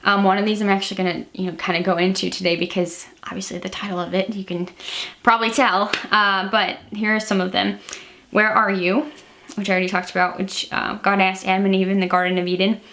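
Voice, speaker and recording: A woman's voice: mid-range voice, little pitch movement, a little fast, a bit bright, a little hiss or hum. A young woman with a Midwestern American accent, a teacher sharing Bible reflections in a chatty, rambling vlog talk. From Illinois. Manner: chatty, rambling, many "like" fillers. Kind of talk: casual devotional vlog talk.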